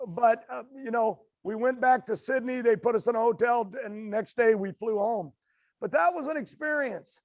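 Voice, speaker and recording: An older American man, a racing guest, telling stories in a halting, rambling way with many fillers and restarts. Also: very high-pitched, no room sound, muffled recording. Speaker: guest, drag racer. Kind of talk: storytelling interview.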